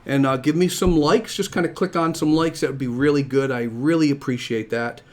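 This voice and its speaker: A man's voice: medium pitch, steady tone, a little fast. A man hosting his own live show from home, chatting casually and upbeat, a little out of breath, repeating himself as he goes. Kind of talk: casual live-stream chat.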